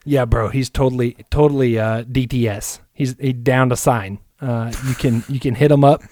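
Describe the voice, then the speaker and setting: A man's voice: medium pitch, steady tone, moderate pace, darkish tone, close to an everyday voice. A man voicing a brash young frat-bro team executive with a put-on surfer bro accent, slangy and swaggering on a mock trade call. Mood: breezy.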